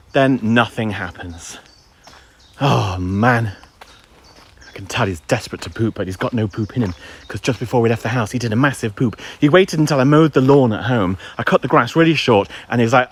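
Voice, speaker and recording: A man livestreaming a dog walk outdoors, chatty and ranting, with some playful crude language, on a handheld phone. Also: medium pitch. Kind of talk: casual chat while walking. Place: outdoors in woods.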